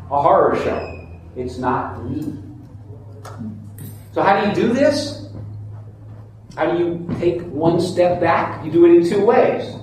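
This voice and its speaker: Male meditation teacher, calm explainer, slightly raised pitch; very reverberant room, light background noise. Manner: calm, explanatory, with frequent restarts. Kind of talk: teaching a mindfulness class. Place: classroom or meditation hall. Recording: very echoey room, faint noise.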